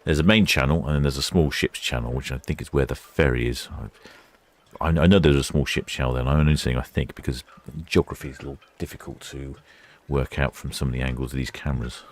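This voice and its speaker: A man with a very deep voice gives relaxed live commentary. He rambles from thought to thought and fills the gaps with plenty of uhs. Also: quick pace. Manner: chatty, rambling, with many fillers. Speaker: ship-watching livestream host.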